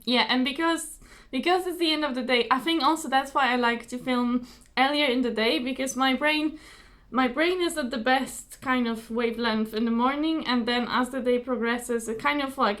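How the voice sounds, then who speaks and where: A young woman hosting her own crafting video, chatting casually and apologetically to camera, slightly hoarse, with many fillers and repeated words. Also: on the high side, fairly bright tone.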